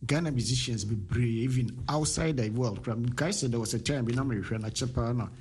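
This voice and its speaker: A man's voice: medium pitch, fast talker, a little mellow, slight background noise. A man hosting a radio talk show, chatting casually and affirming callers with frequent murmurs. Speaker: radio host.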